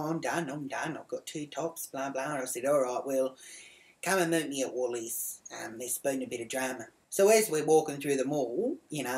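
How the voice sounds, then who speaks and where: Woman, middle-aged, low voice, profane, comic storytelling. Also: a little mellow. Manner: brash, profane, acts out quotes in raised voice. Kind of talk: comic monologue.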